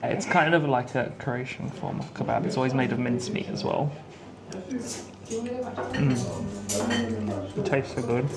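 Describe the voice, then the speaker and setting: A man from the UK, a travel companion, giving a relaxed, easygoing review of his food. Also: medium pitch, measured pace, long pauses, a loud crowd. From United Kingdom. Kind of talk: casual food review to camera.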